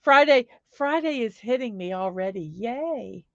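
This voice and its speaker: Chatty woman livestreamer, a little high-pitched. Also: lively intonation, unhurried, a bit bright, no room sound, highs cut off. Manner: chatty, upbeat, reads chat aloud. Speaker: livestream host. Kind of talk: casual livestream chat.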